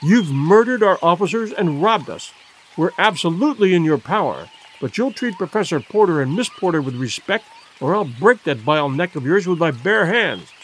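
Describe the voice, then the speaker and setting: A man doing an indignant young English gentleman. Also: on the high side, very animated, a little fast, a little hiss or hum. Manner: earnest, indignant. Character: young Englishman, gallant and quick to anger.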